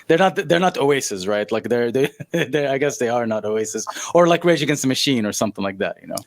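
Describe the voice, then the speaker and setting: A man's voice: mid-range voice, expressive, fast, no echo. A man co-hosting a casual music podcast, rambling with many fillers and restarts. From Saudi Arabia. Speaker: podcast co-host.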